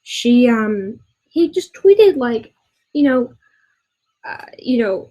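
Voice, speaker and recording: Young woman vlogger, fairly high voice, exasperated rant with halting restarts and swearing. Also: expressive, warm tone, husky, rough recording. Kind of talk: ranting commentary video. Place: a room in her boyfriend's house.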